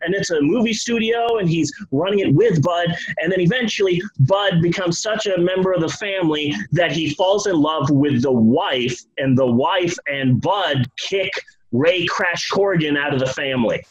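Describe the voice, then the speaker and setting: A man's voice: sits high, moderate pace, hardly any pauses, lo-fi sound. A man hosting a podcast, telling a true story with comedy, profanity and joking asides. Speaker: podcast host.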